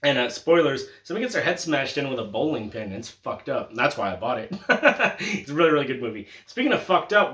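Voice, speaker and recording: A young man chatting casually about his film collection, joking, swearing freely and laughing often, with sudden loud bursts of excitement. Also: mid-range voice, a little fast. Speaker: collector showing his Blu-ray haul. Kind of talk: casual chat vlog. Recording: echoey room.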